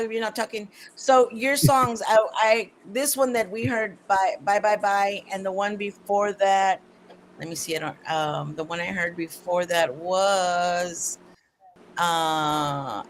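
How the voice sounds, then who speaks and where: A woman's voice: medium pitch, fairly even intonation, unhurried, slight background noise, poor audio. A woman hosting a radio talk show, asking questions enthusiastically with many fillers and restarts. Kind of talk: casual radio interview.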